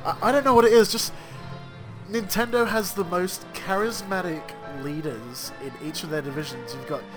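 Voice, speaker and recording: A man's voice: high voice, moderate pace, over music. A man hosting a podcast, joking and rambling in casual chat with frequent laughter. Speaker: podcast host.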